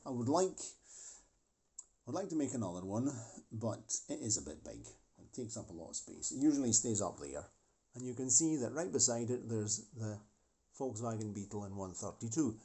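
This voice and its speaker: A middle-aged man chats through a show-and-tell of his scale models at home. His voice is a little husky, and his pitch moves around a lot. He rambles easily, reading snippets aloud and letting them trail off. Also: darkish tone. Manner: rambling, reads box text aloud and trails off. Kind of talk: casual show-and-tell vlog.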